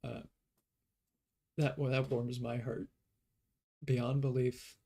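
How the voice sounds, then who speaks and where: A man of middle pitch chats to his viewers in a casual vlog. He rambles, restarts his sentences and fills gaps with "like" and "um". His tone stays earnest and upbeat. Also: little pitch movement, slow, creaky, warm tone. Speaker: channel host.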